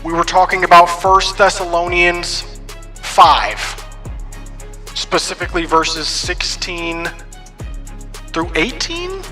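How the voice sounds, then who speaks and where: A man's voice: high voice, lively intonation, slow pace, pauses often, bright, forceful tone, faint music behind. A man streaming live play-by-play commentary, mixing broadcaster-style calls with casual asides to his chat.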